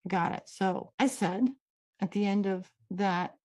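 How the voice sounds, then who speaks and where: A woman's voice: medium pitch, unhurried, a little mellow, no room sound. A woman from Washington State with a Pacific Northwest American accent, hosting a casual, digressive and upbeat teaching talk over a computer mic. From Washington State, USA. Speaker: host and trainer.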